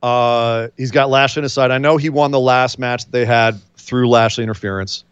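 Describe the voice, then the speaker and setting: A man's voice: mid-range voice, fairly even intonation, fairly quick, smooth, dry recording. Rambling, jokey man on a dull stream. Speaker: podcast co-host. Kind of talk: casual wrestling predictions chat.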